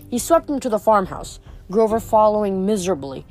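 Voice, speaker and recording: A woman's voice: medium pitch, expressive, fairly quick, darkish tone, soft background music. A woman reading a novel aloud in a casual, slightly stumbling way. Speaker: reader.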